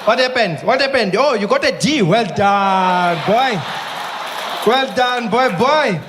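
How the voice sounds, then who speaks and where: A man's voice: extremely high pitch, takes it slowly, a crowd in the background, voice pushed up. A man voicing a doting adult fan, heaping patronizing praise on a losing team. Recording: noisy live stage recording.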